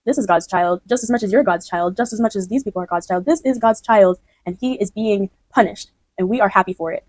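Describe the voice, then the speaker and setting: A woman's voice: medium pitch, a little fast, a little mellow, no room sound, rough recording. A woman explaining her own poem in a chatty way, often restarting and checking that the listener follows. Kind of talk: casual spoken explanation.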